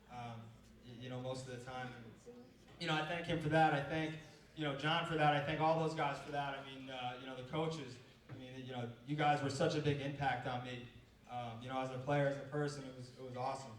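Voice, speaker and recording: A young man, a college baseball coach, speaks to a crowd in a fairly high voice. He rambles through his stories, leaning on "you know" over and over. The sound is roomy and a bit distant, as if picked up from across a hall. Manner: rambling, filler-heavy storytelling. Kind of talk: speech to an audience.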